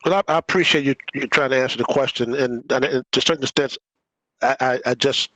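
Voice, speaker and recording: A man's voice: mid-range voice, fairly even intonation, brisk, a bit bright, no echo, low-quality recording. A man chairing a public policy meeting, arguing with passion and repeating words as he presses his point.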